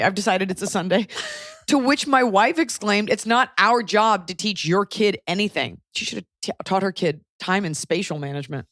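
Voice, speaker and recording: A young adult woman hosting a podcast, reading a listener's letter aloud with animated, comic asides. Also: medium pitch, no echo, studio quality. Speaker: podcast host.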